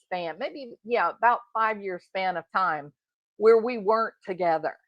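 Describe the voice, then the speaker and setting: Middle aged woman ranting slow and emphatic on a reaction show, dry sound. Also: mid-range voice, dry recording, dull audio. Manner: indignant, emphatic, talks straight to the subject. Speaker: commentary host. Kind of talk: true crime reaction commentary.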